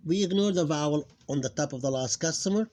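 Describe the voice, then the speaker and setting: Guy teaching phonics, lots of uh, drags out the sounds, kinda high voice. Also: a little mellow. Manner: hesitant, many fillers, slows down to sound out words. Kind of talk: explaining a lesson on screen.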